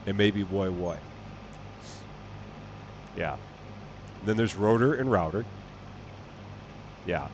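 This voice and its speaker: A man's voice: on the low side, normal speed, long pauses, darkish tone, slight background noise. A man with a chatty, amused manner, chatting casually with his live-stream audience and laughing often. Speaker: game streamer reading chat.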